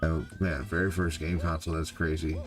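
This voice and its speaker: Older male streamer, deep low voice, loose rambling chatter over quiet game music. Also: flat delivery, brisk. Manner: rambling, heavy on "you know" and "like". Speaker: gaming streamer. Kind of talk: live gameplay stream chat.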